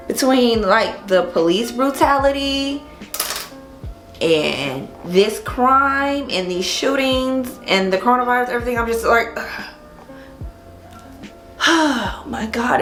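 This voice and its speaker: A woman hair vlogger tells an animated, chatty story while installing a wig and swears casually. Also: medium pitch, roomy sound.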